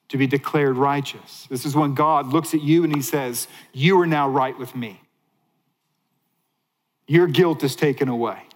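A man preaching a sermon as a pastor, animated, rising to excited highs and dropping to hushed lows. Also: long reverb tail, low-quality recording.

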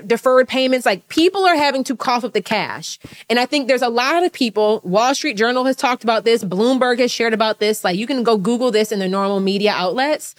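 Fast-talking blunt woman business coach. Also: a little high. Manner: fast, emphatic, blunt with casual swearing. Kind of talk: live coaching talk to an audience.

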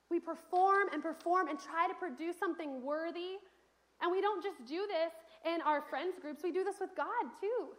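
A young woman preaching a sermon in a church, telling stories earnestly with casual fillers. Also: very high voice. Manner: earnest storytelling with conversational fillers. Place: church sanctuary.

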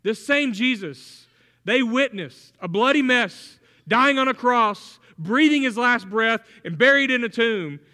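Preacher, male, high bright voice, storytelling sermon, emphatic builds, long hall reverb. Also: animated, unhurried.

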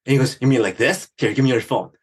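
Upbeat middle-aged male guest, husky tone, mid pitch, lively storyteller. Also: quick pace. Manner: upbeat, animated storytelling with laughs. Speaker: guest, business strategist. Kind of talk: casual interview talk.

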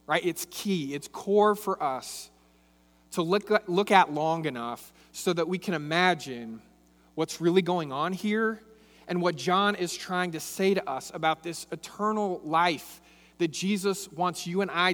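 A man with a notably high voice preaches a sermon. He reads scripture, then explains it expressively, with repeated phrases and rhetorical questions. His voice rings out with a long hall echo behind it. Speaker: pastor.

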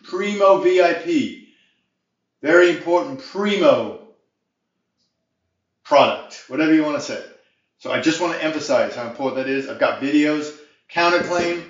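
A man with a fairly high voice teaches in an emphatic, folksy way, drifting into asides as he goes. His voice sounds roomy and a little dull, as if recorded in an echoey space. He talks like someone giving an informal video lesson. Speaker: debt defense instructor.

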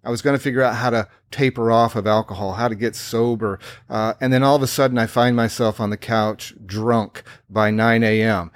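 A man's voice: mid-range voice, dry recording. A man hosting his own podcast, telling a candid personal story in an earnest, reflective way. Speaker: podcast host.

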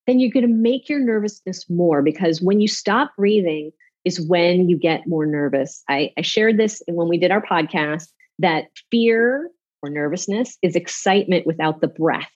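A woman speaking as a public speaking coach in an off-the-cuff interview, animated and demonstrating with her voice. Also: fairly low pitch, normal speed, lo-fi sound.

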